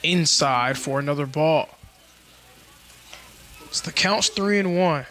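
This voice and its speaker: Bright-voiced male baseball announcer. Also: fairly high pitch. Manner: measured, informative play-by-play delivery. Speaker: play-by-play announcer. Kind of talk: live baseball commentary.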